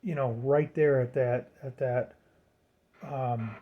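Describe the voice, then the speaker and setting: A man with a medium-pitched, steady voice slowly talks through setting up a radio at home in a casual tutorial, rambling, repeating words and leaning on fillers. The audio is narrow and tinny.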